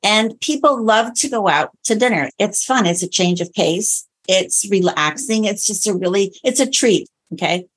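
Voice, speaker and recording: A middle-aged woman, a nutrition coach, chatting as a guest on a podcast and telling stories with lively quoted dialogue. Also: medium pitch, moderate pace, few pauses. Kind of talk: casual podcast interview.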